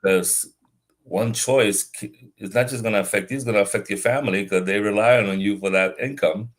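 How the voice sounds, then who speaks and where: A man speaking as a business consultant and guest in a casual interview, relaxed and halting, often repeating words as he thinks. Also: fairly low pitch.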